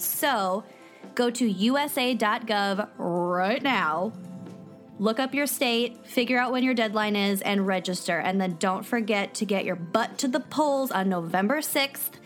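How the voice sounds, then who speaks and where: A young adult woman co-hosting a podcast, earnest but joking in casual chat. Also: mid-range voice. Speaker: podcast co-host.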